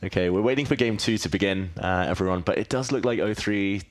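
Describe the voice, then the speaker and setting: Male host, very low voice, upbeat and teasing, live studio chess stream. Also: quick pace. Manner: upbeat, teasing, addresses the chat.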